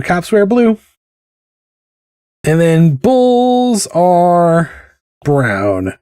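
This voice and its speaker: A man's voice: high voice, sing-song, very slow, long pauses, mellow, no echo, studio quality. A man chatting casually while he draws, drifting off on tangents and poking fun at himself. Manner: rambling, tangent-prone, self-mocking. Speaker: artist streaming a drawing session. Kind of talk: casual chat while drawing.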